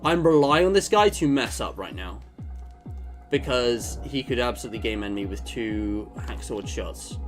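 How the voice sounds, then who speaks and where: Male streamer, animated and swingy in pitch, loose live game commentary with cursing. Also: normal speed, faint music behind. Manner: animated, swears and groans at the game.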